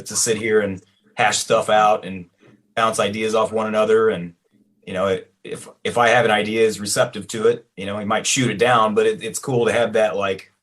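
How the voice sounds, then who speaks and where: A man in the band, talking in a hesitant, soft-spoken way in a casual interview. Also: lowish voice, flat delivery, normal speed. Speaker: band member.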